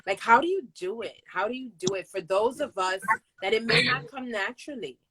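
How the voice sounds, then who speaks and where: A woman's voice: fairly high pitch, expressive, brisk, a crowd in the background, low-quality recording. A woman hosting a casual interview chat, effusive and emphatic, laughing often as she talks to her sister. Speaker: host.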